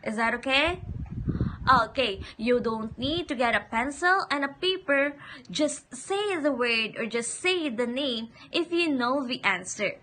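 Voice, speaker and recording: A woman teaching a phonics lesson to young children, saying each word slowly and repeating it for the class to echo. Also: high-pitched, expressive, sharp tone, a little hiss or hum.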